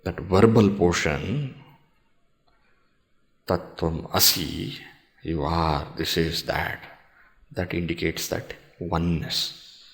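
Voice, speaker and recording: Slow, deep-voiced man teaching scripture. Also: sharp tone. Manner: slow, measured explaining with pauses and rhetorical questions; recites Sanskrit verses. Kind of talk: scripture discourse.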